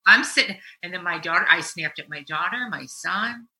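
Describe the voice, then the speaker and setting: A middle-aged woman talks casually as a podcast host with a therapist's ease. Her voice is very bright and lively in pitch. She tells stories animatedly, getting loud, then dropping to a hush. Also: moderate pace, poor audio. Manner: animated storytelling, swings from loud to hushed.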